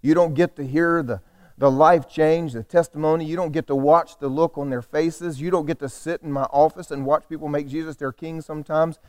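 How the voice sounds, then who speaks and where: A man with a fairly high voice preaches a sermon. He leans on repetition and builds his points toward calls for the congregation to answer back. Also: steady tone, fairly quick. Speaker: pastor.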